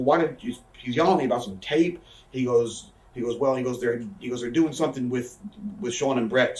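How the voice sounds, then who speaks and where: A man in his thirties telling a backstage story in a casual interview, rambling, animated and swearing. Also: mid-range voice, roomy sound, recorded from a distance, rough recording. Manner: rambling, animated, swears, acts out quoted voices. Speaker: interview guest, wrestler.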